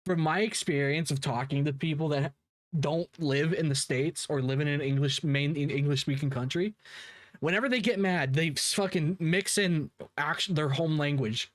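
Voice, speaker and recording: A young man in a rambling, swear-heavy reaction commentary, often stopping mid-sentence to restart. His voice sits a bit high, and the close mic sounds dry and dead. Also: moderate pace, dry recording. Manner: rambling and profane, with frequent restarts and laughs. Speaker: drama commentary host.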